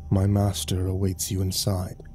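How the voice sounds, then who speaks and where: A sinister black-winged fallen angel, voiced by a man reading a horror story, issues curt orders in a low, dark voice. Each word lands cold and clipped. Faint music hums underneath. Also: monotone, measured pace.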